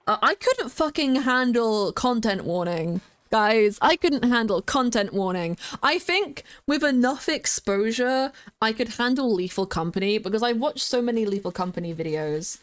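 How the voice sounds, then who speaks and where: A young woman streaming a game and chatting casually with her viewers, rambling with lots of fillers and restarts and breaking into excited greetings. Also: fairly high pitch, moderate pace, few pauses.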